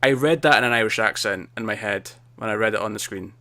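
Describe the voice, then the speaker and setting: Speaking fast with a forceful, bright tone, a man with a lowish voice co-hosts a casual TV review podcast. He rambles, restarting sentences and interrupting himself with repeated words.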